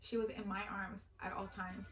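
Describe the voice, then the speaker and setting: A woman's voice: medium pitch, level tone, moderate pace, a bit bright, reverberant, slight background noise. Young woman vlogger, emotional, filler-heavy storytelling, recorded from a distance. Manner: filler-heavy, heartfelt, repeats "like". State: teary-eyed. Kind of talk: personal storytelling.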